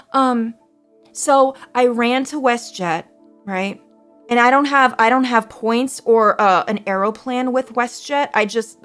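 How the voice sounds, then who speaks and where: A fairly high-voiced woman from Canada rambles through a casual stream, tired from too little sleep. She swears freely and talks in anxious, tumbling restarts, with faint music playing underneath. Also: a bit bright.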